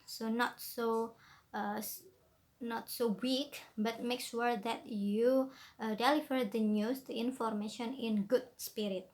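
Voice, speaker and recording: Slow-speaking Indonesian woman teaching. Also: on the high side, fairly even intonation, darkish tone. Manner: slow, deliberate, frequent fillers. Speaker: presenter giving tips. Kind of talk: explanatory lesson.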